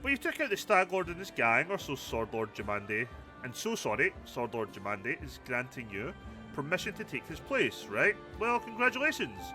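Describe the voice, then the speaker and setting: A man's voice: medium pitch, sing-song, moderate pace, sharp tone, soft background music. A man voicing a smug, arrogant male baron in a game, reading his lines with a haughty, offhand tone.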